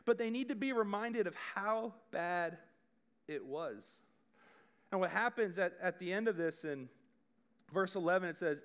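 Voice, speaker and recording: A man's voice: high voice, animated, normal speed, fairly bright tone. A man preaching a youth sermon, talking conversationally and addressing the room directly. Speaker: youth pastor.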